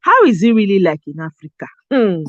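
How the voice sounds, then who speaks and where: A Nigerian-accented woman hosting a casual chat, animated and expressive, slipping into pidgin phrases. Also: medium pitch, brisk, no room sound. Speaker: show host. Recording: dull lo-fi dry sound.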